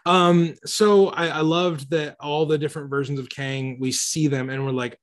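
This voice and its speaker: A man's voice: fairly high pitch, steady tone, moderate pace. A man hosting a casual movie podcast, enthusiastic and rambling, often restarting his sentences. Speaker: podcast host.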